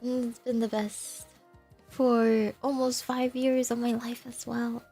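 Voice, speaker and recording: A young woman streaming, chatting softly and emotionally with viewers, laughing often while crying. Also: a little high, level tone, slow pace, faint music behind. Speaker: VTuber streamer. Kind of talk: casual chat with viewers.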